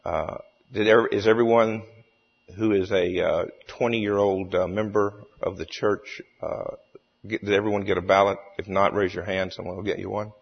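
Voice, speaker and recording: A man chairing a church meeting, speaking haltingly with many fillers and restarts. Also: fairly low pitch, level tone, vocal fry, slightly rough. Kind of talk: formal meeting chairing with a joke. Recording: echoey hall, dull lo-fi sound.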